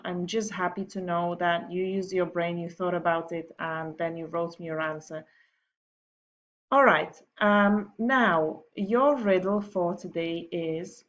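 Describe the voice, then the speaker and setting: A female teacher giving a gentle, unhurried recorded morning message to her pupils and then reading a storybook aloud, with frequent ums. The recording is dull and lo-fi. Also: mid-range voice, slight background noise.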